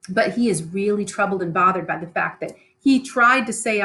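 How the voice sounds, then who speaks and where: A woman's voice: on the low side, a little fast, a bit bright, low-quality recording. Chatty woman explaining a play. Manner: chatty, explains in plain modern words. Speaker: teacher.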